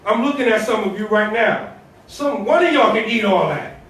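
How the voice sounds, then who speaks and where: The imam leading this Friday sermon has a high-pitched, fairly bright voice with lively intonation and a moderate pace. He talks to the congregation in a casual, conversational way, repeating himself and asking rhetorical questions. It's recorded in an echoey mosque prayer hall, his voice distant.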